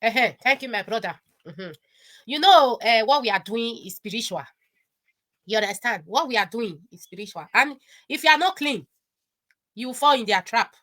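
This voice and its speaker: This is a Nigerian woman speaking as a guest on an online discussion. Her voice sits high and sounds bright and sharp. She talks excitedly, mixes in pidgin and laughs often. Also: moderate pace. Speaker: guest commentator.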